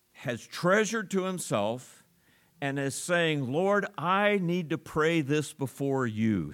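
A man delivering a sermon, his voice sitting at an ordinary middle pitch. He reads scripture with slow, weighty emphasis, then eases into plain conversational explanation for his congregation. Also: a bit bright. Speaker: pastor.

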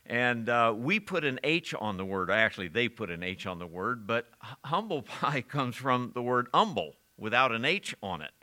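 At a normal pace, a man delivers a sermon in an animated, bright, forceful mid-range voice. Scripture reading and questions for the congregation fill his preaching, along with frequent chuckles.

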